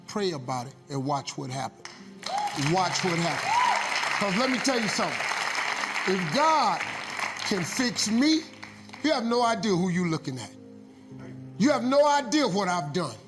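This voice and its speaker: A man's voice: high-pitched, expressive, moderate pace, pauses often, a crowd in the background. Give me a man preaching motivation, rhythmic and repetitive, recorded in a hall with music behind. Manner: rhythmic, repeats lines for emphasis. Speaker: motivational speaker.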